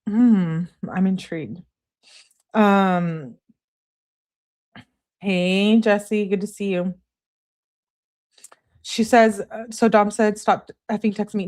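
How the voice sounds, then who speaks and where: A woman hosting a live stream, reading out text messages and chatting casually with viewers between them. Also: medium pitch. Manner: reads texts aloud in an animated way, chats to live viewers. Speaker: true-crime channel host.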